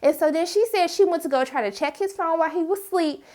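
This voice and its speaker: A woman's voice: very high voice, quick pace. A woman casually recapping a reality TV episode as host, acting out what people said in exaggerated voices. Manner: animated, acts out quotes in exaggerated voices.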